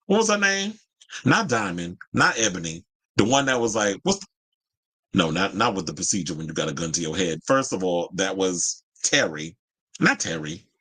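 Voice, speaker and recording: A man from Georgia, hosting a casual entertainment commentary show and reading viewer comments, chatty and quick to laugh. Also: mid-range voice. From Georgia, USA. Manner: animated, chatty, laughs often, slangy asides. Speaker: host.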